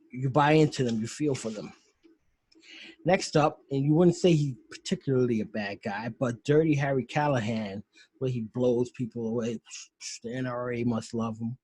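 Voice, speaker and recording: A man's voice: medium pitch, moderate pace, darkish tone, husky, no room sound, rough recording. A man hosting a podcast over a video call, retelling favorite scenes in an enthusiastic, rambling way. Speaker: podcast host. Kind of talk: casual commentary.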